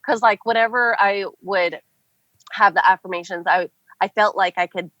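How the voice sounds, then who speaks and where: A woman's voice: mid-range voice, steady tone, moderate pace, fairly bright tone, no room sound. A young adult woman telling a story as a podcast guest, chatty and casual with many filler words. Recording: dull, dry podcast audio.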